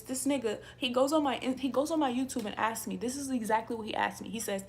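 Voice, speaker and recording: A woman's voice: on the high side, brisk. A woman YouTuber who reads tarot, ranting angrily to camera in a profane, repetitive way.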